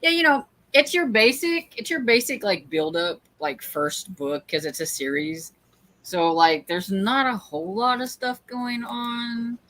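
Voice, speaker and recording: A woman's voice: on the high side, measured pace, fairly bright tone. A woman hosting a reading stream on a video call, chatty, laughing often and trailing off into restarts. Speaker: host of a reading livestream. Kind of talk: casual chat.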